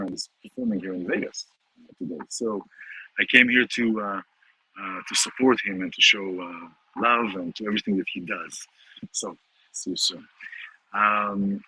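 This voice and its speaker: A man giving a casual Torah talk to viewers from a casino, halting, repeating words, with many fillers. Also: fairly low pitch, pushed and bright, slightly rough, low-quality recording. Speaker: host. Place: in a casino in Vegas.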